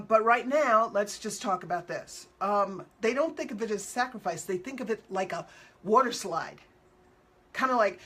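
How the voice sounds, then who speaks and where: A woman's voice: medium pitch, sharp tone, slightly rough. A woman hosting a show as an animal communicator, chatting casually and upbeat with viewers, answering their questions in loose, repetitive phrasing and acting out quotes playfully.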